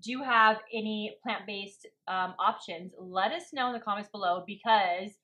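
A woman's voice: medium pitch, normal speed, pushed and bright. A young woman co-hosting a casual mukbang vlog, bubbly and a little bossy as she runs the burger ratings. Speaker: vlog co-host.

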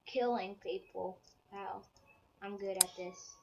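A woman giving let's-play commentary, excitable, bursting into exclamations between mumbled remarks. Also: mid-range voice, takes it slowly, creaky, lo-fi sound, noisy background. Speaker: gamer. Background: game music.

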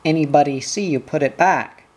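A reader voicing a curt male police sergeant asking brisk questions. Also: medium pitch, darkish tone, husky, lightly acted.

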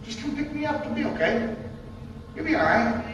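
A man's voice: very high-pitched, lively intonation, moderate pace, a bit bright, highs cut off, slight background noise, voice pushed up. A man preaching puts on the voice of a sly snake coaxing someone to help it, speaking in a pleading, wheedling way. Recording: distant mic in an echoey church hall.

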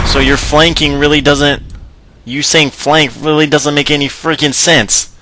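A man's voice: on the high side, flat delivery, measured pace, bright, forceful tone, a little hiss or hum. A young man giving goofy, rambling gameplay commentary, swearing often. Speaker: gaming video host.

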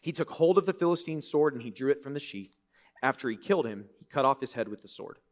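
Lively joking man preaching a sermon. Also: mid-range voice, quick pace. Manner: animated, conversational, joking asides. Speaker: pastor. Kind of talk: sermon with scripture reading. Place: church.

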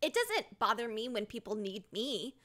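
Bright high-voiced woman chatting. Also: very animated, normal speed. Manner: candid, laughs often, trails off. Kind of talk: casual chat.

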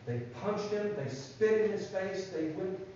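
A man giving a children's sermon in a church, telling a Bible story in an animated way and asking the kids questions. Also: high voice, unhurried, a little hiss or hum. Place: church sanctuary. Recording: echoey church from far off, dull sound.

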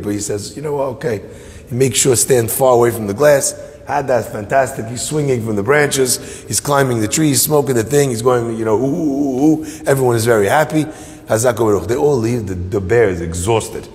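A man, a rabbi, telling a long joke in a sermon, animated and laughing along with his own story. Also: mid-range voice. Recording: long hall reverb.

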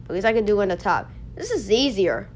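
A woman hosting a casual gameplay video, excitable, yelling and laughing as she plays. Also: mid-range voice, fast talker. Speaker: gaming video host.

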